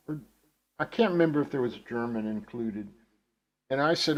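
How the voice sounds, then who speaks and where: A man from the United States hosting a casual chat, telling rambling, animated stories that trail off into asides. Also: mid-range voice, a little slow, muffled recording. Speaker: host.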